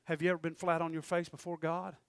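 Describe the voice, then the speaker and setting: A man preaching a sermon in church, talking in quick asides and rising to sudden shouted peaks. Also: a little high, little pitch movement, clean tone, no echo. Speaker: pastor.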